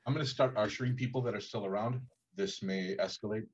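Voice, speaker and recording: A man playing a tabletop role-playing game, speaking in quick, practical terms. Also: lowish voice, breathy edge. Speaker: player. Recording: muffled lo-fi mic.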